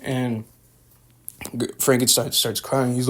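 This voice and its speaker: A man's voice: on the low side, normal speed. A young man recapping and reviewing a show in a loose, rambling way, full of fillers and slang. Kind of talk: casual spoken recap and review.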